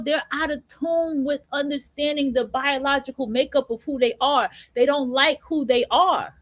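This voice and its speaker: A woman hosting an online radio show, talking in a high voice. She tells stories in a blunt, profane, slang-heavy way. The delivery is loose, like a casual monologue. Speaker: host.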